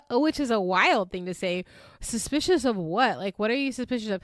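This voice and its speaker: Woman, podcast host, chatty, giggly, tired, slightly high voice, dry sound. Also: expressive, moderate pace, dry recording. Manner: chatty, giggly, rambling with many likes. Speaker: podcast host recapping reality TV. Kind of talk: casual chat.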